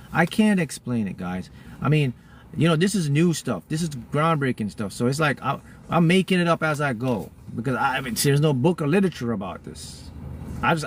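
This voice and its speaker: A man's voice: medium pitch, slight background noise. A man talking casually to his viewers as a spiritual mentor, rambling and often breaking off to restart his sentences.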